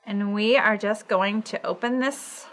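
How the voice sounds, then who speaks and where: A woman's voice: medium pitch, measured pace. A woman in her thirties hosting a sewing tutorial, chatty and encouraging as she walks through a project. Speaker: sewing instructor and show host.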